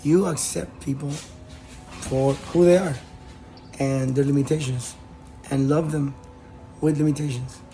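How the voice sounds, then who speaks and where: A man giving casual relationship advice, talking in a halting way with many fillers and restarts. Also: medium pitch, fairly even intonation, mellow, faint music behind, low-quality recording. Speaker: advice host.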